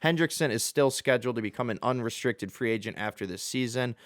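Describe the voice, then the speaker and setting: A man's voice: mid-range voice, quick pace, dry recording, clean studio sound. A young man hosting a casual solo sports show, chatty and jokey, with fillers and self-corrections. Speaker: sports podcast host.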